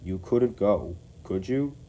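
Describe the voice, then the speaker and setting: A man's voice: fairly low pitch, expressive, slow, warm tone. A man voicing a big, proud male express engine who talks in a knowing, conspiratorial way. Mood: sly.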